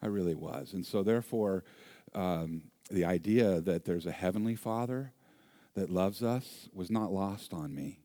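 A man preaching a sermon, an animated storyteller with self-deprecating humor. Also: deep voice, measured pace, no room sound. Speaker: pastor.

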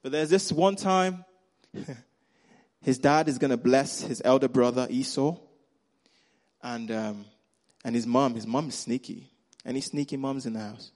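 A man's voice: mid-range voice, a little slow, long pauses, darkish tone. A man preaching a sermon to a congregation in a casual, humorous way, addressing listeners directly. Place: church service.

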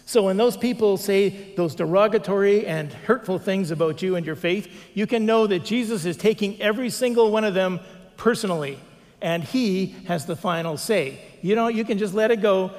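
A man's voice: high-pitched, moderate pace. A man preaching a sermon as pastor, telling stories with animation and acting out the quotes. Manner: animated storytelling, acts out quotes. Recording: long reverb of a large hall.

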